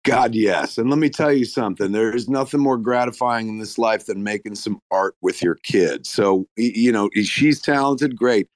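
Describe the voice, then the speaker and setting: A man's voice: fairly low pitch, normal speed, few pauses, no echo. Effusive, swearing man on a dry mic. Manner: effusive, profane, talks in bursts with restarts. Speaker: guest filmmaker on a live audio stage. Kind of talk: casual chat.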